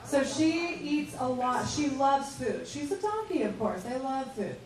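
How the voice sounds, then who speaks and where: A woman's voice: high-pitched, measured pace, a little hiss or hum. Lady laughing through a story at a con panel, sounds far from the mic in a big echoey room. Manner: giggly, lively storyteller. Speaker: voice actor panelist. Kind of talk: convention panel anecdote. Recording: very echoey hall, distant mic.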